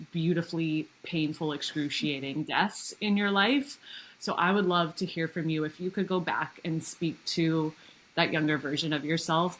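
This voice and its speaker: A woman with a fairly low voice hosts a podcast. She is openly emotional and gushing, showering her guest with praise and thanks. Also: a bit bright, a little hiss or hum, rough recording. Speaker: podcast host. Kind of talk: interview conversation.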